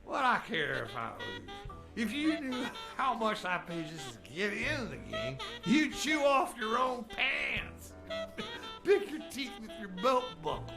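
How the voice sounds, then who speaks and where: An actor with a Texan accent playing a boastful, rich, older Texan gambler in a video game, drawling and cackling. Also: male voice, sits high, huge pitch swings, slow pace, full character voice. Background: game music, clearly heard.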